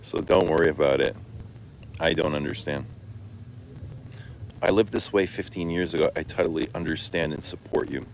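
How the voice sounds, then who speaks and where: A man's voice: a bass voice, normal speed, pauses often, a little hiss or hum, low-quality recording. A middle-aged man from Canada chatting casually with viewers about perfume, telling stories with frequent swearing and laughter. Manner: swears freely, laughs, animated storytelling. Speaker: fragrance vlogger. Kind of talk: casual livestream chat answering comments.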